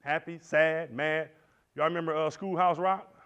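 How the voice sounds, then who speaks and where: A man teaching at a Christian men's conference, animated and preacherly, swinging between loud and soft. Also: a little high, moderate pace, clean tone. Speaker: conference speaker. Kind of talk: motivational church teaching. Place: lecture hall. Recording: dull lo-fi recording.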